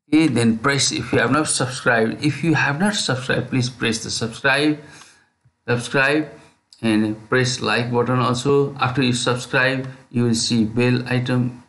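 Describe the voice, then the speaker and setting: In a slightly bright, mid-range voice, a male teacher runs a slow English lesson, repeating phrases again and again. Almost every line ends with a check-in "okay?".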